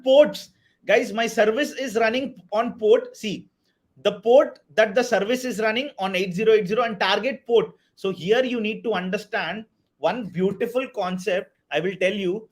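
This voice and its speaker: A man teaching a live online DevOps class, energetic, often checking if everyone is clear. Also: high-pitched, normal speed. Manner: energetic, repeats "are you all clear" and "right"; hypes up the chat and counts down to a target. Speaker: DevOps instructor.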